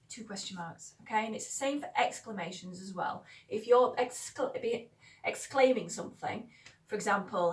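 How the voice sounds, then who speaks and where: A woman's voice: medium pitch, fairly quick, distant mic, rough recording. A woman teaching a grammar lesson in a chatty, emphatic way, often checking "okay?". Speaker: language teacher. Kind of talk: spoken lesson explaining Spanish grammar.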